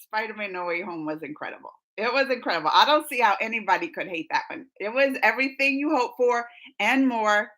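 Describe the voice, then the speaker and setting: A young woman hosting a live stream, chatting casually with viewers, reading comments and laughing often as she gushes with excitement. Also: medium pitch, fairly quick.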